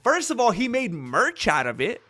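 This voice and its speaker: A man's voice: high-pitched, wildly swooping pitch, moderate pace, pushed and bright. A man hosting an MMA commentary vlog, sarcastic and opinionated, acting out both sides of an argument. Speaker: MMA commentary channel host.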